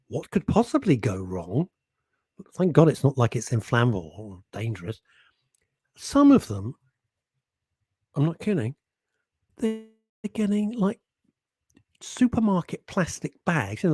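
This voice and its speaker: A man's voice: mid-range voice, dark tone, slightly rough, no room sound. A man hosting a casual radio show, chatting, teasing listeners and laughing often. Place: radio studio.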